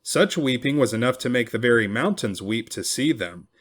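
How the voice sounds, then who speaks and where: A man reads a historical first-person account aloud at a middling pitch. His delivery swings widely in pitch, and he lifts his voice when quoted people cry out. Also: normal speed. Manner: expressive, raising the voice for cried-out quotes. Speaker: reader. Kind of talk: reading a historical memoir aloud.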